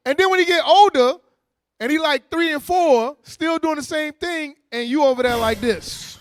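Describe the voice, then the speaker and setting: High-voiced preacher man, lively and conversational. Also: normal speed, no room sound, studio quality. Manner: lively, conversational preaching with slang, frequent restarts and mock-voiced asides. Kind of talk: sermon. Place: church meeting hall.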